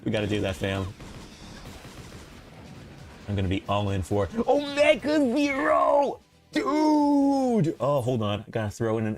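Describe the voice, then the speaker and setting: On a live stream, a man chats casually and rambles with fillers, laughing often. Whenever excitement hits, his voice leaps up high.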